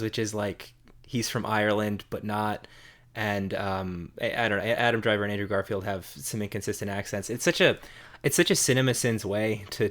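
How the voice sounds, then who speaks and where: A man co-hosting a film podcast, discussing movies in a casual, halting way with many fillers and repeated words. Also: fairly low pitch. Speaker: podcast co-host.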